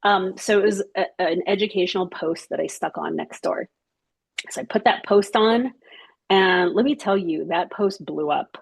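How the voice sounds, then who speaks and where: A woman telling a casual anecdote to her study group, animated and chatty, laughing often and acting out what people said. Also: medium pitch, normal speed, gravelly, breathy edge, no room sound. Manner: animated, chatty storytelling with frequent laughs and acted-out quotes.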